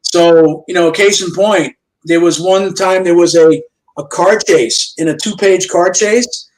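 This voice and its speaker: An older man with a high voice, telling a story as a guest in an interview. He narrates in a lively way and keeps slipping into the voices of the people in his tales, over a remote video call. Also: measured pace, low-quality recording. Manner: lively storyteller who acts out quoted dialogue. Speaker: guest comic book artist. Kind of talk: storytelling anecdotes in a chat show interview.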